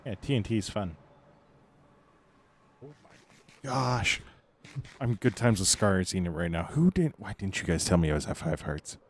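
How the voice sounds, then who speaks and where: A man's voice: low-pitched, sing-song, fast, few pauses, a little mellow, slight background noise. A man giving casual livestream commentary as a game streamer, rambling along and answering his chat between remarks.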